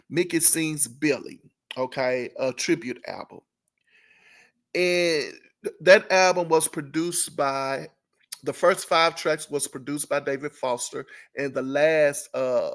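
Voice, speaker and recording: A man's voice: fairly high pitch, fairly bright tone. A man hosting a casual commentary channel, chatty and full of fillers and self-corrections, often breaking into amused laughter. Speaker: entertainment commentary host.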